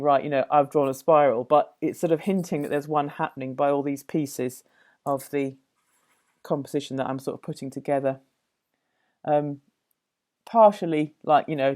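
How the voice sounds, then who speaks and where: A woman demonstrating a watercolour painting, musing aloud as she works, with many pauses and self-corrections. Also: deep voice, mellow. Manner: thoughtful, musing, full of fillers and self-corrections. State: slightly out of breath at times. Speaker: art teacher.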